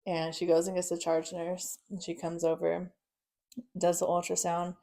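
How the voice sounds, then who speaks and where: Young woman guest, low and gravelly, blunt casual storyteller. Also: completely flat delivery, normal speed, warm tone. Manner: blunt, frequent swearing, nervous laughs.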